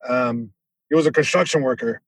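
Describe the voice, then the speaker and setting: A male comedian guest telling a story in an animated way, with many restarts and sound effects. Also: mid-range voice, a little fast, dry recording.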